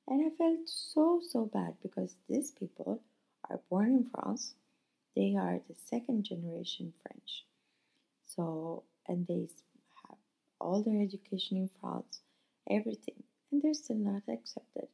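A woman from northern Europe talks through a personal story on her podcast, earnest and heartfelt. Her voice is low-toned and mellow, with a gravelly fry and a husky edge. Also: lively intonation, measured pace. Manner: earnest, heartfelt retelling with acted-out quotes. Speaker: podcast host. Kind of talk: casual storytelling monologue.

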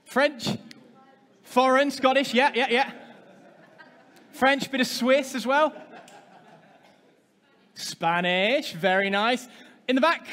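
A man's voice: very high voice, slow, pauses often, sharp tone. A man preaching a sermon as pastor, talking with the congregation and asking them questions. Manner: interactive, asks the congregation questions. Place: church hall. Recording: long hall reverb.

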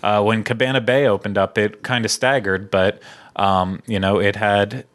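A man with a low-pitched voice hosts a relaxed podcast. He rambles through the news with easy fillers and restarts. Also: moderate pace. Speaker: podcast host. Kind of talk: casual chat.

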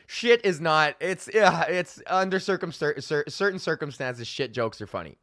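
A man with a bright, forceful voice rants through a crude backstage story as a comedy podcast host, swearing freely and laughing as he rambles. His voice sits a bit high for a man. The sound is close and dry, with no room around it. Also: animated, normal speed, no room sound. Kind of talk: casual storytelling rant.

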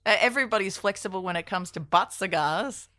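A woman's voice: mid-range voice, brisk, sharp tone. A woman co-hosting a comedy podcast in a studio, teasing and laughing often. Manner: giggly, teasing. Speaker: podcast co-host.

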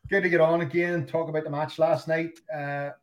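A Northern Irish man speaks a little high for a man, with dry, self-mocking jokes. A faint clicking runs under the call. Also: flat delivery, a little fast, slight background noise. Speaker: podcast co-host. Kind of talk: casual podcast chat.

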